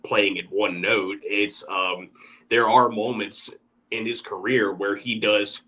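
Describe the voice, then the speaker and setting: A low-pitched man with a bright, forceful tone talks haltingly, restarting his sentences. It is casual podcast conversation. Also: fairly even intonation, muffled recording. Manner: hesitant, repeats his words. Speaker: podcast host. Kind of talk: casual chat.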